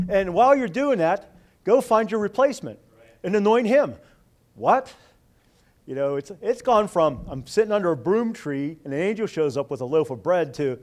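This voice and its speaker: A man's voice: fairly high pitch, a little mellow. A male pastor preaching a sermon in a conversational way, with frequent asides and rhetorical questions.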